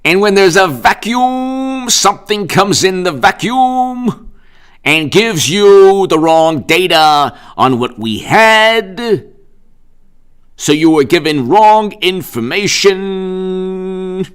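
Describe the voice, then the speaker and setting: A man's voice: sits high, lively intonation, fairly bright tone, clear, resonant tone, pitched above the performer's own voice, heavily acted. A man mocking a pompous, preachy governor. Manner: slow, preachy, stresses last words with dramatic pauses. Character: pompous middle-aged male governor giving sermons.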